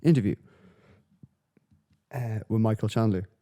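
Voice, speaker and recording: A man's voice: fairly low pitch, a little slow, dark tone. A man hosting a solo podcast, rambling and swearing through casual commentary with lots of fillers. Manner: profane, rambling, with frequent fillers. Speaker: podcast host.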